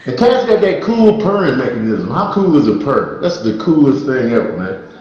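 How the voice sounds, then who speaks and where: A man's voice: mid-range voice, sing-song, a little slow, a little mellow, very echoey, dull audio. A man doing a stand-up comedy set, telling jokes in a laid-back, storytelling way that often trails off with "man". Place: virtual reality comedy stage.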